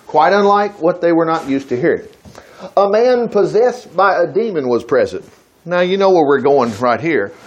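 A man preaching a conversational sermon, reading scripture aloud and breaking off into chatty, folksy asides. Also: medium pitch.

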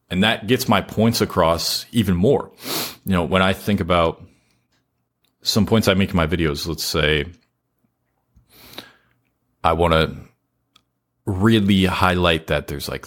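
Man, very low voice, podcast guest, earnest, explains things step by step with pauses. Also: a bit bright. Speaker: podcast guest giving advice on content creation. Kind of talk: casual interview chat.

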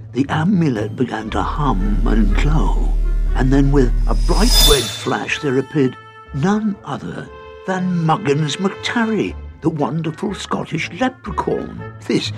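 A man narrating a children's fantasy storybook in an expressive, animated way. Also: a little high.

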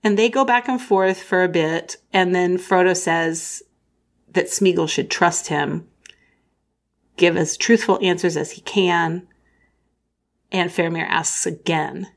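Woman co-host chatting about a book, bit lower voice, animated, reads bits aloud. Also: slow, long pauses. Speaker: podcast co-host. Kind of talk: casual book discussion.

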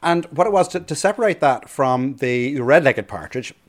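A man's voice: medium pitch, animated. An Irish man, a bird expert and radio guest, explaining keenly in casual chat, often restarting and repeating words. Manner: fast, eager, with many restarts and repeated words.

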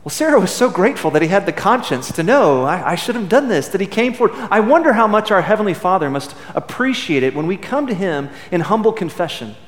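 A middle-aged man preaching a sermon with emphasis, dramatic pauses and swings between loud and hushed delivery. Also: high voice, very animated. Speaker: pastor. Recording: echoey hall.

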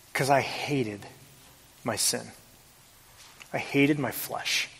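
A man preaching a sermon as pastor, emphatic, with rhetorical questions and big shifts between loud and soft. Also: fairly high pitch. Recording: long reverb of a large hall.

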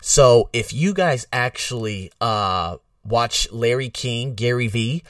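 Animated rambling American man. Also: medium pitch, slow pace, no room sound, studio quality, far from the mic. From United States. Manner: rambling, filler-heavy, animated. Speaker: podcast host. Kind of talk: casual rambling monologue.

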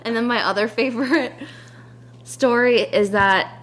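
A young woman hosting a podcast, telling family stories in a giggly, animated way. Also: a little high. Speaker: podcast host. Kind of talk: casual family chat.

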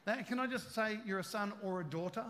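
A man preaching a sermon as pastor, joking and conversational, then building to loud emphatic peaks. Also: high voice, brisk, a little hiss or hum. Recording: long hall reverb.

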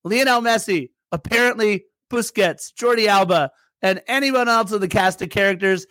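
A man's voice: high-pitched, normal speed, pushed and bright, no echo. A man co-hosting a casual soccer podcast, teasing his co-host and reading sponsor plugs. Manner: playful ribbing, reads sponsor plugs. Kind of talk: casual chat.

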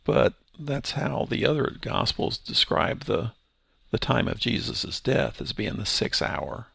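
A man's voice: medium pitch, big pitch swings, measured pace, a bit bright, no echo, studio quality. A man teaching through a Bible passage verse by verse, explaining in a conversational way with restarts. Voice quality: gravelly, husky voice.

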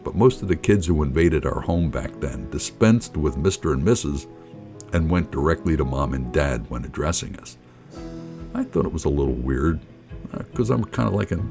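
A middle-aged man telling a personal story in an animated, colloquial, jokey way. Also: very deep voice. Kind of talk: personal anecdote narration.

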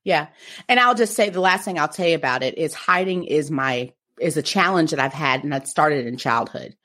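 Woman, low register, animated and playful storyteller, casual group podcast chat. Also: normal speed.

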